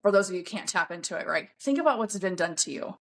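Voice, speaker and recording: A woman's voice: medium pitch, lively intonation, quick pace, fairly bright tone. A woman talking bluntly and emphatically as a podcast guest, swearing often in a coaching tone. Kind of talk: casual podcast conversation.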